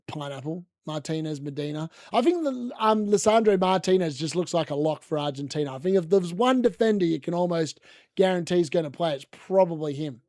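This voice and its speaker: A man's voice: fairly high pitch, darkish tone, dry recording, clean studio sound. A young adult man with an Australian accent, hosting a casual live football watchalong and reacting to the chat. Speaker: watchalong host.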